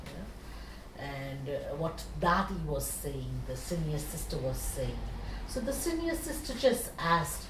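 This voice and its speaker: A middle-aged woman, a meditation teacher, tells a spiritual story with lively energy and a habitual "you know". Her voice sits a little low and comes from some distance from the mic. The room is echoey, with faint hiss underneath. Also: measured pace. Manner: animated, frequent "you know" fillers.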